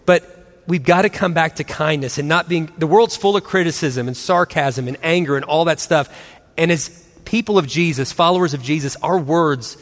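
A man in his forties telling a family story and encouraging fellow Christians, animated, acting out voices and laughing often. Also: fairly high pitch, brisk, long reverb tail. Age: 40s. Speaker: christian speaker and husband. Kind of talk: storytelling talk.

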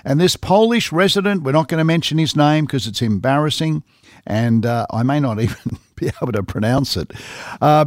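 A man's voice: a little high, no echo, clean studio sound. A man hosting radio, telling a news story in a chatty, wry way. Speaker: radio host. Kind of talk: casual radio chat.

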